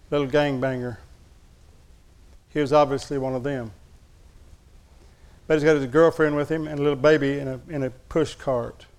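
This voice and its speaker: A man's voice: a little high, smooth. A male pastor preaching a sermon, telling a personal story in a folksy, candid, humorous way to his congregation.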